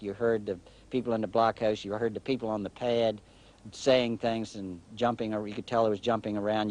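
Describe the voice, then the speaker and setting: Older man, low and halting. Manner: halting, often trailing off quietly. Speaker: former flight controller interviewee. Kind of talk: documentary interview.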